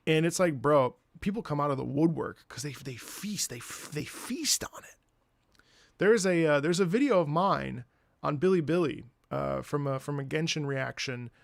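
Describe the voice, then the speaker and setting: A man's voice: fairly high pitch, animated, normal speed, creaky, dry recording, clean studio sound. A man chatting casually on his stream, rambling, repeating words and swearing.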